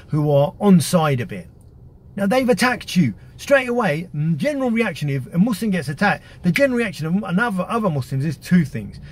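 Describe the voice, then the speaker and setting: A man's voice: on the high side, darkish tone, husky. Emphatic man giving pointed advice. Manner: emphatic, repeats words, checks in with "yeah?" and "right?". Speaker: activist giving media advice. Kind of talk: casual instructional talk.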